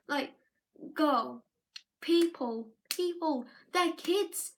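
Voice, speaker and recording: A woman talks loosely to her viewers in a live vlog. Her voice sits high and sounds bright and forward. She rambles, circles back, and restarts her sentences often. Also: takes it slowly. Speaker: live vlogger. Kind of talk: casual live-stream monologue.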